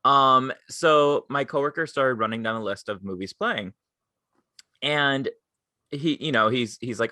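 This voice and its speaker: Young male podcast co-host, animated storyteller who does voices for people he quotes, bright tone, dry close mic. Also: medium pitch, unhurried, no echo. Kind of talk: casual chat.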